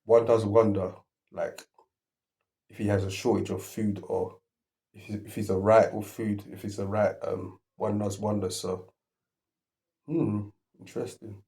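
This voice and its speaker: A man's voice: fairly low pitch, fairly even intonation, unhurried, pauses often, warm tone. A man hosting a reaction video, rambling as he thinks aloud and keeps restarting his sentences.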